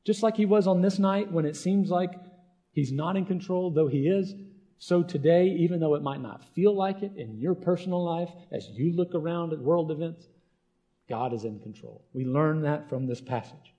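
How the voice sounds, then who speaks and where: Male pastor, slightly high, mellow tone, earnest conversational sermon delivery. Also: moderate pace, lo-fi sound. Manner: earnest, conversational preaching with frequent "right?".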